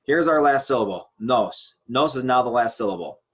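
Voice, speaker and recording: A man's voice: mid-range voice, lively intonation, normal speed, husky. A man teaching a grammar lesson, explaining step by step while he writes on a board, with frequent fillers and restarts. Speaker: Spanish teacher.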